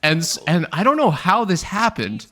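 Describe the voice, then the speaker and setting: A man's voice: high voice, very animated, pushed and bright. A young man streaming, telling rambling casual stories full of "like" and acted-out quotes. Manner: rambling, lots of "like", quick quoted voices.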